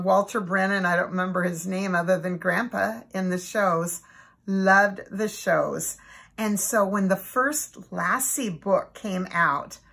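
Slow, husky-voiced grandmother storyteller. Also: mid-range voice, a bit bright. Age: older. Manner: chatty, homely, reminiscing asides. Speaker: storyteller host. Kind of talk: reading a children's storybook aloud.

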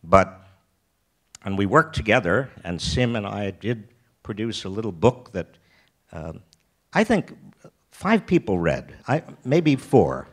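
Older man telling wry stories, low-pitched. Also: sing-song, slow, pauses often, breathy edge. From United States. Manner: rambling with frequent restarts and wry self-deprecating humor. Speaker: keynote speaker. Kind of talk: storytelling talk. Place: festival stage.

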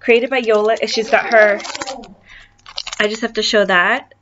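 A woman hosting a craft channel, chatting casually and gushing excitedly with lots of fillers while she unboxes gifts. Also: fairly high pitch, measured pace, dull audio, noisy background. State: voice cracking.

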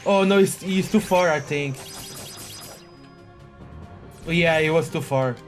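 A man giving live commentary on his own gameplay, excitable, often exclaiming and cursing at a hard boss fight. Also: fairly high pitch, normal speed. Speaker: gaming video host. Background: faint game music.

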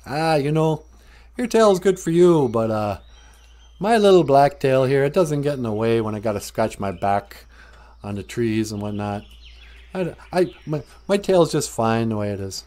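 A man voicing a calm, good-natured bear in a told story, talking in an easy, unhurried way. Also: mid-range voice, natural voice. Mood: easygoing. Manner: easygoing, unhurried.

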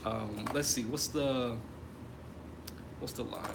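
A man's voice: mid-range voice, steady tone, takes it slowly, vocal fry, background noise. A man teaching trumpet in an online masterclass, explaining casually with many fillers and restarts. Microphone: computer mic on a video call.

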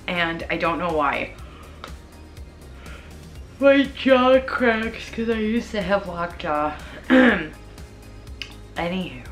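A woman talks to herself as she cleans her kitchen, rambling and laughing at her own asides. Her voice sits on the low side and comes from a camera across an echoey room. Music plays clearly underneath. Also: fairly bright tone, far from the mic. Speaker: home cleaning vlogger. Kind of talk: casual chatty self-talk while cleaning. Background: background music.

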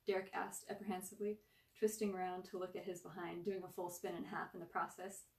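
A woman reading a short story aloud with lively, expressive narration. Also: fairly low pitch, fairly quick, roomy sound, distant mic. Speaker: story reader.

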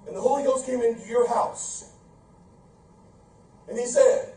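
A male pastor preaching a lively sermon, playful and animated, acting out quotes, in a church sanctuary. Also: very high voice, a little slow, long pauses, far from the mic. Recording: roomy church from afar.

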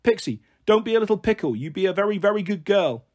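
A man voicing a flighty young mother, breezy and coaxing, in a husky, higher voice. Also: expressive, fast talker, a little mellow.

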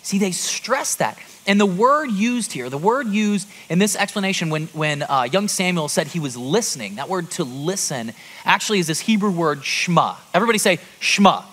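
A man in his thirties preaching a sermon to a congregation, conversational and lively, with rhetorical asides. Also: high voice, moderate pace. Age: 30s. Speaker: pastor. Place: church auditorium before a congregation.

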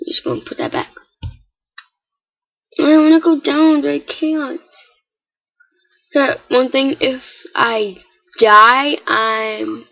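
A woman giving casual, chatty commentary while playing a game, with excitable, startled exclamations. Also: a little high, dull audio. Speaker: gamer.

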